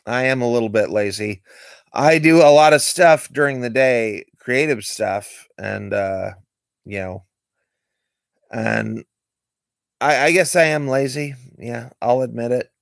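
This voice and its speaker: A man talks on a late-night stream, wandering from one candid story to the next. His voice sits in a middle register with a gravelly, creaky texture, and the sound is dry and close with no room echo. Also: mid-range voice, a little slow. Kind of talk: late-night livestream monologue.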